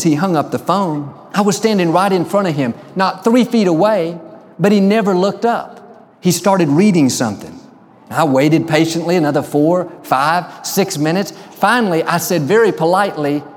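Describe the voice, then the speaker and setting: A man preaching a sermon, telling stories and slowing down to stress key lines. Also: fairly high pitch, in a large hall, a little hiss or hum. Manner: storytelling, slows for emphasis. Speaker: pastor.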